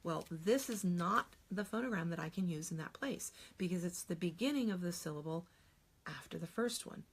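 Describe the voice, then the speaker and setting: A middle-aged woman teaching phonics in a patient, step-by-step way, stopping to sound out each phonogram. Her voice sits low, with a gravelly edge and a husky, breathy texture. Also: expressive, moderate pace. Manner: patient, explains step by step, models sounds aloud. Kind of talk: instructional video lesson.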